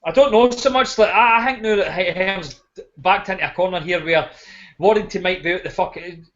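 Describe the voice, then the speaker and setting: High-pitched man, loud, sweary, ranting, dull lo-fi audio. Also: brisk. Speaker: podcast co-host. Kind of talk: casual chat.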